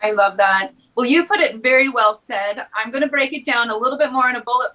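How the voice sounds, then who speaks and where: Bright, high-voiced woman host. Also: brisk, poor audio. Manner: emotional, enthusiastic. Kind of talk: casual chat.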